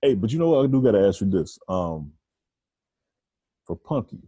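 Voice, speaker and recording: Podcast guy asking teasing questions, super deep dark husky voice, dry close sound. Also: sing-song, normal speed, no echo, rough recording. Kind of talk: casual chat, asking questions.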